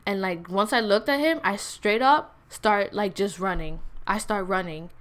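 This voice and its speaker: A woman's voice: medium pitch, measured pace, fairly bright tone. Slangy woman telling a story. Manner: slangy, blunt, many fillers and restarts. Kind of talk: casual storytime monologue.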